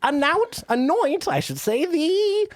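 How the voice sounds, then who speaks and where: A man putting on the voice of a prim elderly queen with a high fluty posh voice. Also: very animated, slow pace, no echo, studio quality, full character voice. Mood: regal.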